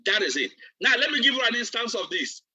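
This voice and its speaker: A man's voice: very high-pitched, big pitch swings, quick pace, bright, forceful tone, husky. A man, a business coach giving a preacher-like motivational training, repeating himself emphatically. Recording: distant, dull lo-fi recording.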